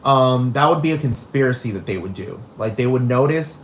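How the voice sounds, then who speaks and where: With a mid-range, near-everyday voice, lively intonation, and a slightly quick pace, a man plays a brash, gossipy young woman in a comedic character monologue, launching into a rambling, profane rant. The recording has a roomy echo and a little hiss or hum.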